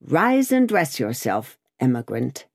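A reader putting on a timid, yielding village official from a classic audiobook. He is deferential and nervous and quickly agrees with armed men. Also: mid-range voice, sing-song, vocal fry, no echo, studio quality, heavily acted.

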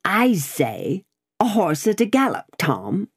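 A woman voicing a gruff, suspicious male coach guard who barks threats and challenges, in an audiobook. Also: mid-range voice, sing-song, slow pace, pitched above the performer's own voice, exaggerated voice. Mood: alarmed. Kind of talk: audiobook character voice.

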